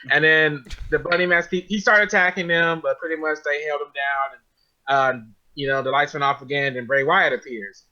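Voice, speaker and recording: A man's voice: fairly high pitch, fairly even intonation, fairly quick, bright, forceful tone. A man co-hosting a casual chat, recapping events with enthusiasm. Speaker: podcast co-host. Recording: dull lo-fi sound.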